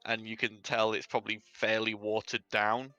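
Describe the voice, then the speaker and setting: Game master, man, bright tone, hedging rambling narration. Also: on the low side, flat delivery, moderate pace, no echo, highs cut off.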